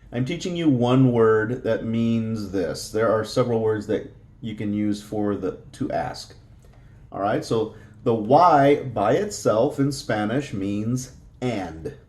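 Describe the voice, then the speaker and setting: In this slow, explanatory Spanish lesson, a man with a medium-pitched, somewhat dark voice teaches patiently. He uses a lot of fillers and repeats every word.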